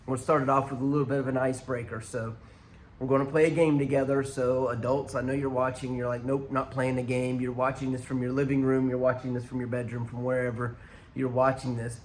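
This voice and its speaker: A man's voice: mid-range voice, level tone, fast talker, slight background noise. A man preaching a conversational sermon to viewers watching online, speaking through a church sound system. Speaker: pastor.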